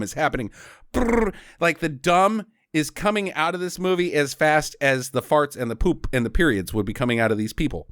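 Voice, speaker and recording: Lively high-voiced male podcast host. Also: moderate pace, dry recording, clean studio sound. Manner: animated and joking, with silly sound effects. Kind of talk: casual chat.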